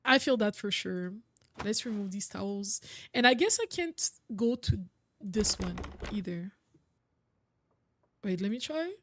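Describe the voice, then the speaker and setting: A woman's voice: medium pitch, animated, measured pace, long pauses, a little hiss or hum. A young woman streaming a video game, chatting casually and rambling with frequent laughs. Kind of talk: casual gameplay commentary.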